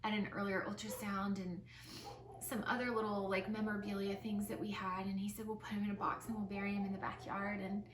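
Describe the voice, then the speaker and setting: Soft-spoken young woman telling a tearful story. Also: mid-range voice, level tone, a little fast, noisy background. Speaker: vlogger. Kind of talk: personal story vlog. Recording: roomy, slightly distant mic with soft music.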